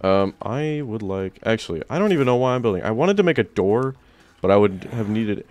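A young man giving excited let's-play commentary, often jumping into loud, high-pitched outbursts. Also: fairly quick, dry recording, studio quality. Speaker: gaming YouTuber.

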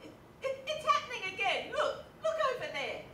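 A woman on stage playing a flighty, excitable posh lady of the manor, heard from far off in an echoey theatre. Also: very high-pitched, normal speed, background noise. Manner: excitable, shrieking, dramatic. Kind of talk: amateur stage acting.

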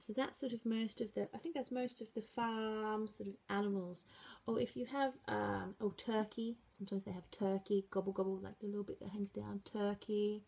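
A woman teacher explaining sign language for animals, slowly and patiently saying each word aloud as she signs. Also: mid-range voice, vocal fry, breathy edge. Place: school room.

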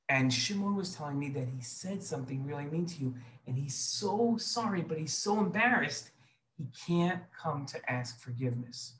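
A man hosting a children's show, telling a story and acting out the characters with lively voices. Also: a little high, normal speed. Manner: animated, acts out characters in raised voices. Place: synagogue video set.

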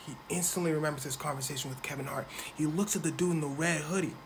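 A man telling a funny story in slangy, animated narration, slipping into quick voices for the people in it. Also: fairly high pitch, noisy background.

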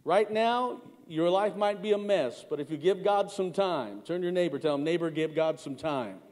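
Man, middle-aged pastor, high voice, sermon, conversational, long reverb of a church hall. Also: normal speed, a little mellow. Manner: conversational, calls to the congregation, repeats words. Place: church sanctuary.

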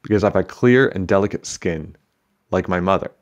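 A man's voice: sits low, moderate pace, highs cut off, lightly acted. A man reading aloud and voicing a worried, earnest young schoolboy in a storybook.

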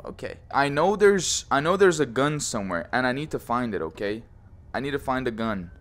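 A man's voice: mid-range voice, animated, normal speed, a little hiss or hum. A young man commenting on a horror VR game, joking, swearing and teasing, often saying bro. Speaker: gaming YouTuber.

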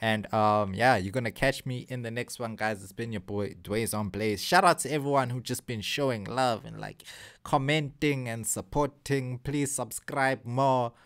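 A young man, hosting a casual music video reaction and talking straight to his viewers in a loose, excitable way. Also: mid-range voice, moderate pace. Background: faint hip hop from the video.

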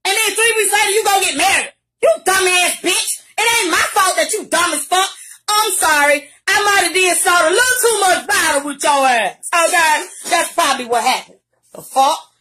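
Loud, profane grandmother ranting. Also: extremely high pitch, moderate pace. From Virginia, US. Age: middle-aged. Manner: loud, cursing, confrontational, often shouting. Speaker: grandmother ranting in a recorded video. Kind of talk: angry profane rant.

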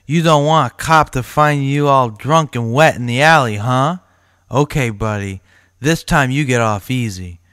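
A man's voice: medium pitch, measured pace, fairly bright tone, smooth, dry recording, natural voice. Sloppy scolding drunk guy, a man reading him out, dry close sound.

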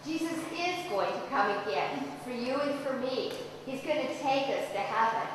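A woman's voice: high-pitched, animated, moderate pace, noisy background. A woman delivering a sermon in a church, telling stories animatedly and acting out the quoted lines. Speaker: preacher's voice at a deaf church. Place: church sanctuary. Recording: echoey hall, voice far from mic.

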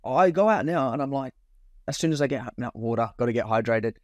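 A man's voice: mid-range voice, expressive, fast, no echo, dull audio. A young man co-hosting a podcast, telling a rowdy night-out story with swearing and acted-out dialogue. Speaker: podcast co-host. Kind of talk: casual storytelling chat.

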